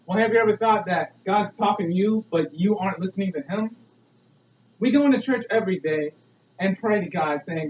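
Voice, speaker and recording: Young male student, high voice, delivering an earnest persuasive speech with many rhetorical questions; distant, echoey, dull lo-fi recording. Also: a little fast, darkish tone, slight background noise. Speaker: student speaker.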